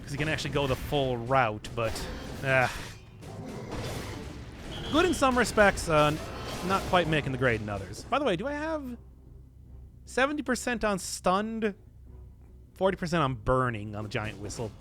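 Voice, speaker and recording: A man's voice: a little high, wildly swooping pitch, normal speed, pauses often, music in the background. A man streaming a video game, chatting casually and rambling with self-mocking humor. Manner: rambling, self-mocking, laughs at his own jokes. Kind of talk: casual gameplay commentary.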